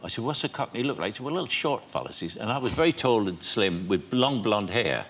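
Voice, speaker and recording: A man's voice: fairly low pitch, animated, fast talker, fairly bright tone, a little hiss or hum. An older man, a talk show guest, telling chatty stories and acting out quoted dialogue with frequent laughs. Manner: chatty storyteller, quoting dialogue, laughing often.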